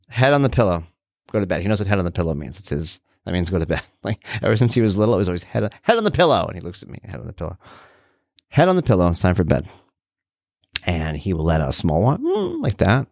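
A middle-aged man hosting a podcast, telling stories in an animated, conversational way. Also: lowish voice, dry recording, studio quality. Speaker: podcast host. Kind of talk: casual solo podcast monologue.

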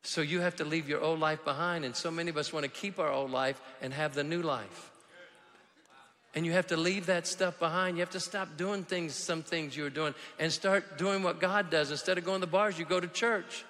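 A man preaching a sermon as a pastor, telling stories and swinging from quiet asides to shouted emphasis. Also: a little high, fairly even intonation, normal speed, big-room sound. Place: large church hall.

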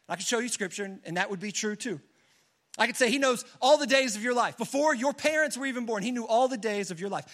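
High-voiced young man preaching to youth. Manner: energetic, conversational, leads call-and-response. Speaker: youth pastor. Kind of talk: youth sermon.

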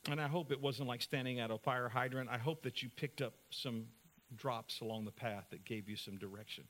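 Earnest bright-voiced male pastor. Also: medium pitch. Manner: earnest, shifts from brisk to slow and soft. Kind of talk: sermon.

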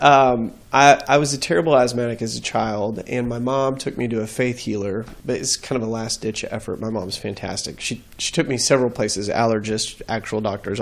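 A man speaks as a guest in an interview. He talks earnestly and reflectively, with a mid-pitched voice, recorded on a studio mic. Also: vocal fry. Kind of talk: faith interview storytelling.

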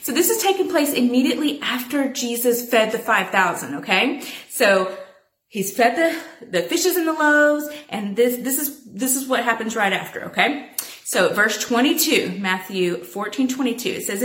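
A woman teaching a Bible passage in a chatty, animated way, calling her listeners y'all. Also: a little high, normal speed, roomy sound.

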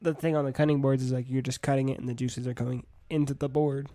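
Male guest, mellow tone, matter-of-fact, dry recording. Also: medium pitch, flat delivery, quick pace, no echo. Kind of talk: casual chat.

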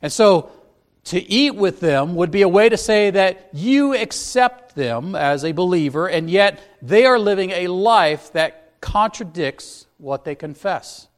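A pastor delivers an expository sermon, working carefully through the text verse by verse. His voice sits a little higher than most men's, and his tone is earnest and instructive. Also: expressive, measured pace.

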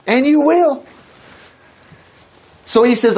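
A man preaching a sermon, reading Bible verses slowly and breaking off for folksy, exclamatory comments. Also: sits high, big pitch swings. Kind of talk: sermon reading scripture aloud.

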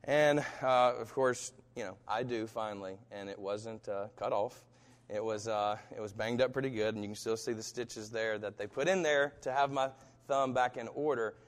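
A pastor preaching a sermon and telling a personal story with animation, acting out the voices of people in it. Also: male voice, fairly low pitch, moderate pace. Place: church. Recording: reverberant hall.

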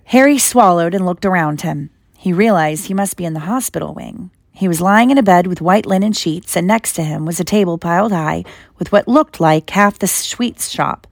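A woman narrating a storybook aloud in an expressive storytelling manner. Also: on the low side, normal speed, creaky, no echo, clean studio sound. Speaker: reader. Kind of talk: audiobook narration.

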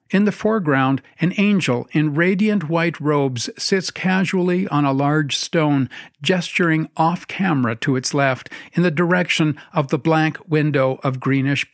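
A man reading a story aloud in a wry, measured storytelling manner. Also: on the high side, no room sound, clean studio sound. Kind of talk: scripted narration.

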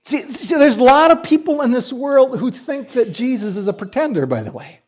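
Animated preaching man, dull lo-fi sound. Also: extremely high pitch, moderate pace, slightly rough. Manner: animated preaching with emphatic repeats and asides to the congregation. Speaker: pastor. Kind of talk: sermon. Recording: dull lo-fi recording.

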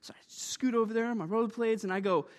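A man preaching a sermon in a church, lively and joking, often calling for amens. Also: sits high, fast talker, long reverb tail.

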